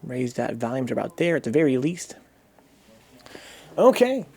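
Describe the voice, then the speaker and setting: A young man hosting a casual stream, excitable and jokey, swearing freely as he chats to viewers at his computer. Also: mid-range voice, normal speed, husky. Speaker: streamer hosting a movie-watching show. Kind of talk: casual livestream chat.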